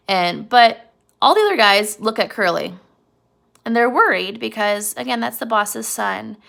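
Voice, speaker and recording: A woman's voice: mid-range voice, vocal fry, fairly bright tone. A woman teacher casually retelling a novel chapter, explaining and checking in with her listeners. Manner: chatty, explanatory, frequent check-ins like "right?". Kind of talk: casual recorded lesson summarizing a novel chapter.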